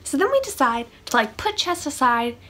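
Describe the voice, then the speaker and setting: Woman vlogger, casual storytime, slightly high voice, sarcastic asides. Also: big pitch swings, normal speed, noisy background.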